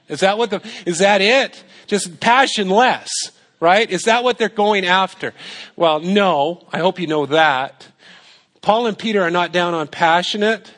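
A man's voice: high voice, fairly bright tone. A man preaching a sermon in a conversational way, asking rhetorical questions and repeating his points for emphasis. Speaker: pastor.

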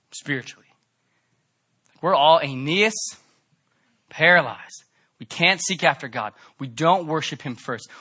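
Fervent bright-voiced male preacher. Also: on the high side, breathy edge. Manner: fervent, swings from loud emphatic peaks to soft pleading. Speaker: pastor. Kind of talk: sermon.

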